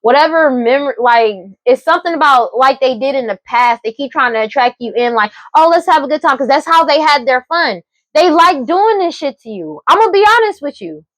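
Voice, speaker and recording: A woman reading tarot for viewers in a fairly high voice, insistent and blunt, swearing freely and laughing between points. Her sound is dry and close, with no room echo. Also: lively intonation, normal speed, fairly bright tone. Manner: emphatic, profane, repetitive, laughs often. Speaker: tarot reader. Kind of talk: casual tarot reading vlog.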